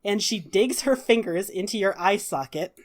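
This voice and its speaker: A woman game master narrates a tabletop game with lively energy. She fills her pauses with casual fillers as she describes the action. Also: medium pitch. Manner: animated narration with frequent fillers.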